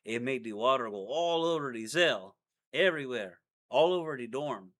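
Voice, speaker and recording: A man voicing a boastful Mexican ex-con from Tijuana with a put-on Mexican accent and rough street slang. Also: medium pitch, expressive, moderate pace, a bit bright, natural voice. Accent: put-on Mexican Spanish.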